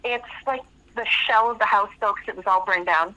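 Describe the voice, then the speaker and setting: A radio show caller recounts a story on the phone, her mid-range voice bright and forceful at a normal speed. She's frank and rambling, with plenty of fillers, and the line sounds tinny.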